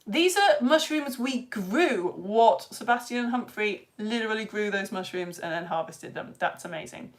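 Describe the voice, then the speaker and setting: Leading a live children's science lesson, a young woman from the United Kingdom talks at normal speed in a medium-pitched, expressive voice with hardly any pauses. The bubbly teacher reads viewers' comments aloud and welcomes each by name.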